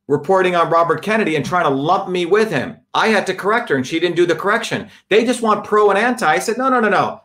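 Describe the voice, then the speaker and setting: A man's voice: sits high, fairly bright tone. A man giving an impassioned political talk to a live audience, emphatic and repetitive, building his points with lists. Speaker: speaker addressing a live audience.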